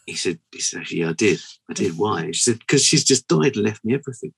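A man co-hosting a podcast, chatting casually and telling a long joke in a lively way, with many restarts. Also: on the low side, fairly quick, vocal fry, slight background noise, poor audio. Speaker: podcast co-host.

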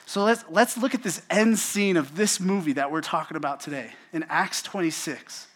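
A young man preaching a casual sermon, telling stories in a lively way and acting out quotes. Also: fairly high pitch, normal speed. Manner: animated storytelling, acts out quotes.

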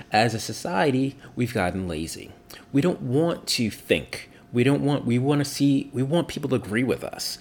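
A man's voice: on the low side, a little mellow. A man talking casually about his opinions, rambling, full of fillers and restarts, and swearing bluntly.

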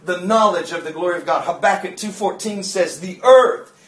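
A male pastor, preaching and retelling a story with animated, shouted peaks. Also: high voice, moderate pace. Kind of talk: sermon. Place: church sanctuary. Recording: roomy church echo.

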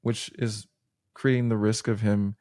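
Male performer as a level-headed mom talking sense into dad; low, mellow, close and dry. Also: little pitch movement, measured pace, no room sound, lightly acted. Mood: reasoning. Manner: patient, reasoning, level. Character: calm mother reasoning with her husband. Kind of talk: role-play in casual chat.

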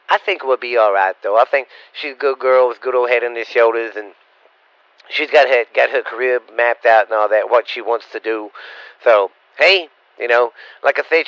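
A man's voice: mid-range voice, no echo. A middle-aged man answers viewer questions in a rambling, stammering, blunt and profane way. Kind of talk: casual rambling Q&A. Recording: dull lo-fi recording.

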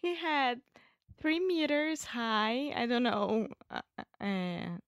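A woman's voice: fairly high pitch, takes it slowly, clear, resonant tone, no room sound, studio quality. A woman with a Brazilian Portuguese accent telling a story in English as a student, hesitant and searching for her words. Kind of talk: casual storytelling.

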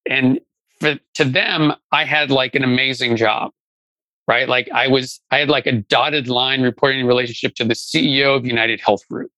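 A man's voice: medium pitch, fairly even intonation, moderate pace, sharp tone, dry recording, poor audio. A middle-aged man talking casually as an interview guest, telling his career story with lots of fillers and restarts. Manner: conversational, many fillers and restarts. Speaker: guest, venture investor.

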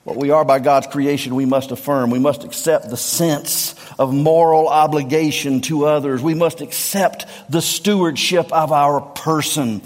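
A middle-aged man with a Southern US accent preaching a sermon, emphatic, repeating refrains and swinging from low tones to near-shouts. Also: steady tone, a little slow, hardly any pauses. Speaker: pastor. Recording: long reverb of a large hall.

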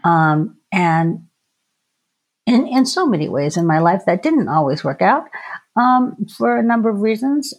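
A middle-aged woman talking as a podcast guest in a casual, reflective way, often pausing and restarting her sentences. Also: mid-range voice, big pitch swings. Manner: hesitant, many restarts and ums.

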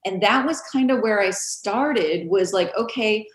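Animated woman guest in an echoey room. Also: mid-range voice, unhurried. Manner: animated storyteller, acts out quoted voices, laughs often. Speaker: realtor guest. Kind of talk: casual interview chat. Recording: roomy echo.

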